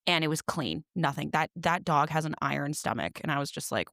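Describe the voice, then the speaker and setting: A woman's voice: low-pitched, expressive, a little fast, creaky, few pauses, fairly bright tone, no echo, clean studio sound. A young woman co-hosting a podcast, chatting casually and telling stories with dramatic flair. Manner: chatty, dramatic storytelling with acted-out quotes. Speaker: podcast co-host. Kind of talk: casual chat.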